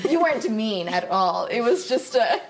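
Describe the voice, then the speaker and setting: A young woman telling a story in a casual, animated way, laughing often as she talks. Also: a little high, normal speed, noisy background. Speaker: guest.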